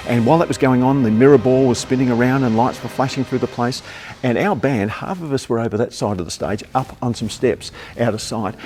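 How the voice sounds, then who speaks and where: A middle-aged man tells a story from his past at a quick clip, full of energy. He slips into voices for the people in it, with a faint room sound behind him. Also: mid-range voice, slight background noise. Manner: lively, acts out voices in his tales. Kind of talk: spoken personal story. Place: the venue where the story happened.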